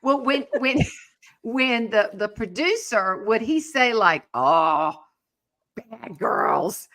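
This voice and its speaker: A woman's voice: a little high, expressive, takes it slowly, a bit bright. A woman hosting an interview, chatty and repeating words as she asks her questions. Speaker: podcast host. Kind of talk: casual interview chat.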